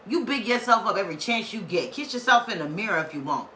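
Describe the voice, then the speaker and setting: A woman with a bright, forward voice gives a casual spiritual reading, preaching with emphatic slang and playful asides. She sounds like she is in an echoey room with faint noise behind her. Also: medium pitch, lively intonation, fast. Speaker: spiritual tarot reader.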